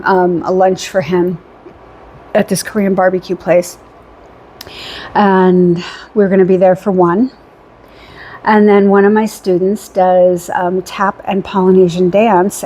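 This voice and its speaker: A woman vlogger casually recapping her weekend, chatty and rambling with fillers, acting out what was said. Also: medium pitch. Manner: animated retelling with quoted dialogue.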